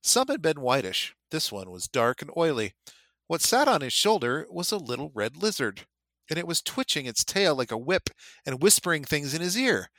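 Guy with a bright voice cohosting a podcast, reads passages aloud with energy. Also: fairly high pitch, sing-song, normal speed, no echo, clean studio sound. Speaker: podcast co-host. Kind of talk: casual book discussion with reading aloud.

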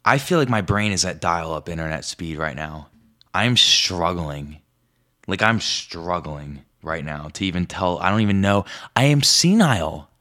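A young man hosting a podcast, telling rambling comic stories, swearing often and jumping up in pitch when he quotes himself. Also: moderate pace, bright, forceful tone. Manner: rambling, swears a lot, jumps high when quoting himself. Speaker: podcast host. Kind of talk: casual comedic storytelling monologue. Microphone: podcast microphone.

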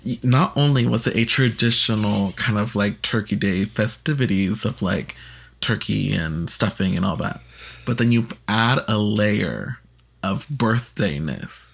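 A man's voice: lowish voice, a little slow, gravelly, husky. A man co-hosting a podcast, chatting casually and telling food stories with playful energy. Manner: animated, playful storyteller. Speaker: podcast co-host. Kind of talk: casual chat.

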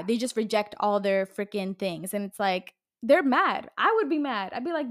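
A woman's voice: medium pitch, moderate pace, few pauses. A woman in her twenties, a podcast host, ranting heatedly in casual talk, swearing and using a lot of fillers. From California. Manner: heated, profane, uses lots of fillers. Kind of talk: casual solo podcast rant.

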